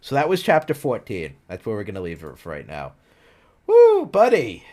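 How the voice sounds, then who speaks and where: Lively man reading a fanfic with sarcastic asides. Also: sits low, fast. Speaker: streamer. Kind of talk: reading a fanfic aloud with comments.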